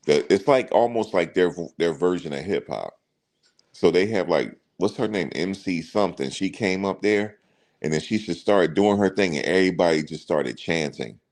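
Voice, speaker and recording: Low-voiced male host, casual commentary, chatty and repetitive. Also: darkish tone. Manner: chatty storyteller, addresses viewers directly, repeats himself.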